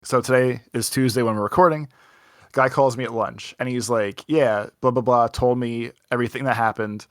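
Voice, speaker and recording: A man's voice: mid-range voice, steady tone, normal speed, a bit bright, dry recording, clean studio sound. A young man co-hosting a podcast, telling a rambling anecdote full of "like" and acted-out quotes in a casual chat. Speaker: podcast co-host.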